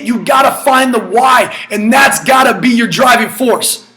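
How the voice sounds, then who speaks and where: Male preacher, high bright voice, punchy repetitive delivery, frequent shouts. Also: measured pace, faint music behind. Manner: emphatic, repetitive, often shouting. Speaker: motivational speaker. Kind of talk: energetic motivational sermon.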